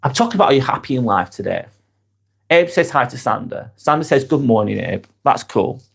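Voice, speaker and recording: A man's voice: medium pitch, very animated, fairly quick, gravelly, slightly rough. Guy doing a casual live stream, blunt, swears a lot, voice goes up and down a lot. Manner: candid and blunt, swears freely, reads out viewer comments. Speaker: vlogger hosting a live stream.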